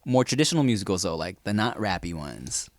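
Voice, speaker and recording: A man's voice: deep voice, very animated, a little fast, dry recording, clean studio sound. A man in his thirties co-hosting a podcast, chatting casually, joking and swearing freely. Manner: joking, swearing, breaks into singing. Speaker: podcast co-host. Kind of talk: casual chat.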